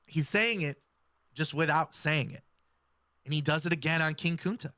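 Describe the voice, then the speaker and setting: A woman giving explanatory commentary in a video, speaking in a measured, analytical way. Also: low voice, lively intonation, sharp tone, no echo, studio quality. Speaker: music commentator.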